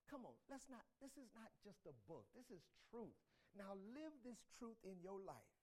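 A man preaching a sermon in church, swinging between loud exhortation and quiet, repeated phrases. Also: high-pitched, very animated, normal speed. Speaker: pastor.

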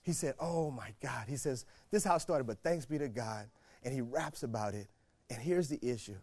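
A male pastor preaching a sermon, moving from quiet storytelling to shouted exhortation and repeating phrases for emphasis. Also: medium pitch, normal speed, no echo. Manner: repeats phrases for emphasis, laughs between points.

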